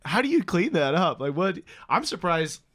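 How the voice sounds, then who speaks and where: A man hosting a podcast in casual chat, loud and laughing, swearing freely. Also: high-pitched, sing-song, moderate pace, slight background noise. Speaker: podcast host.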